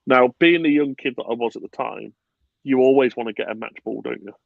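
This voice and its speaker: A man hosting a casual football podcast, animated and swearing freely, with bursts of laughter. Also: mid-range voice, fairly quick, vocal fry, dry recording, phone-quality sound. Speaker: podcast host.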